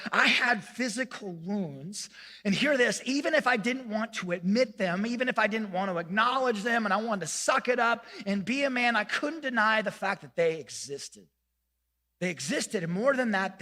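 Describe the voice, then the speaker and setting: A man preaching a sermon as pastor, telling a self-mocking story in an animated way and acting out the lines of the people in it. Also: sits high, in a large hall. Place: church sanctuary.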